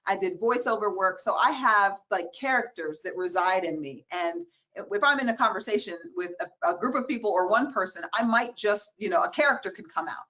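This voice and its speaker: A woman in her forties speaks on a video call as a guest expert. She tells her stories in an animated, expressive way and acts out what other people said. Her pitch and tone are ordinary for a woman. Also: fairly quick, hardly any pauses, low-quality recording. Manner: animated, expressive storytelling with quoted voices. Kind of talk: conversational webinar interview.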